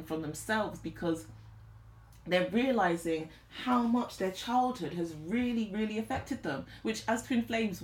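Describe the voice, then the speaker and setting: A woman's voice: mid-range voice, reverberant. A woman giving a channelled tarot reading, speaking earnestly and close to tears. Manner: earnest, emotional, on the verge of tears. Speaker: tarot reader.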